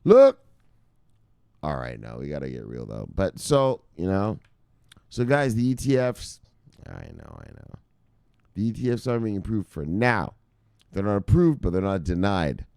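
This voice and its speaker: A man presenting crypto news in an excitable, casual, profane way, talking to viewers like brothers. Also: deep voice, moderate pace, creaky, clear, resonant tone, no echo, clean studio sound.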